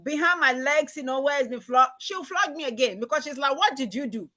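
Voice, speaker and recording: A woman from Ghana, hosting a casual chat in an earnest, expressive way with many fillers. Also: high-pitched, fairly quick, crowd noise.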